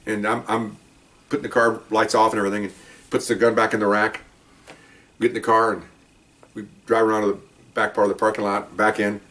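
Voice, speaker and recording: A man, a former police officer, telling a story in a casual, animated way and acting out the people in it. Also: lowish voice, a little fast, pauses often, distant mic. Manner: animated, acts out quotes with rising voice.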